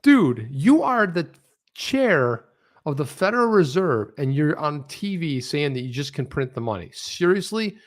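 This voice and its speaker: Animated sarcastic male show co-host. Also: fairly high pitch, measured pace. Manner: animated, sarcastic, mimics people in quoted voices. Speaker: co-host of a crypto talk show. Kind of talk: casual livestream commentary.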